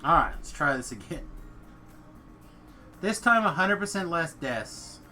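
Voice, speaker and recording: A man's voice: a little high, measured pace, faint music behind. A man streaming a game and chatting casually, telling stories with lots of laughter. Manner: animated storyteller, laughs often. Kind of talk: casual chat while gaming.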